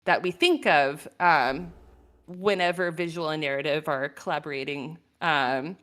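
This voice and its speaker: A woman's voice: sits low, measured pace, fairly bright tone. A woman speaking in a casual chat as a guest artist, thoughtful and full of "um"s, often laughing.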